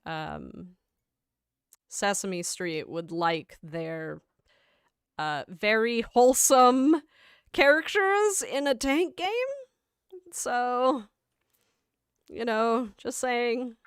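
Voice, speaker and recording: A woman's voice: a little high, expressive, extremely slow, long pauses, clean tone, dry recording, studio quality. A woman hosting a gaming livestream, reading chat aloud in a rambling, casual way and laughing often. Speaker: livestream host.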